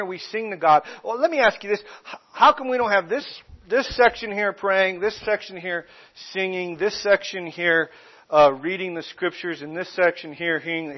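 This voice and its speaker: Male pastor, emphatic sermon delivery with slow stressed phrases, high voice, slightly muffled sound.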